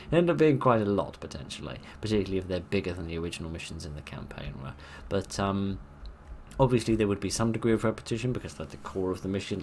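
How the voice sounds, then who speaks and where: A man giving casual, rambling gameplay commentary, self-deprecating and chatty. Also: slight background noise. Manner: lively, quick changes of pitch and loudness. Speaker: let's play host.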